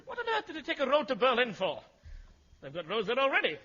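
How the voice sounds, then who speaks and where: An actor playing a flustered, pompous male prime minister, full of excitable exclamations in a 1950s radio comedy. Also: extremely high pitch, fast, noisy background, exaggerated voice. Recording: dull 1950s radio broadcast with audience laughter.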